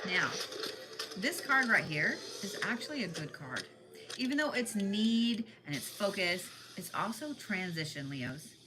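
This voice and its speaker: A woman's voice: medium pitch, very animated, measured pace, low-quality recording. Profane, blunt woman reading tarot over music. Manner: blunt and profane, talks straight to viewers. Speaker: tarot card reader. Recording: loud music behind the voice.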